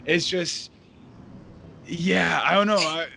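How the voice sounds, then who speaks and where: A man's voice: fairly high pitch, steady tone, slow pace, gravelly, pushed and bright, slight background noise. A man hosting a casual podcast chat, rambling with lots of fillers and laughing often. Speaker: podcast host.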